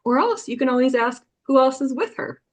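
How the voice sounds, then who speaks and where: A woman's voice: high voice, expressive, a little fast. A woman hosting a podcast, explaining things in an easygoing way. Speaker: podcast host and medium. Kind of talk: casual podcast chat.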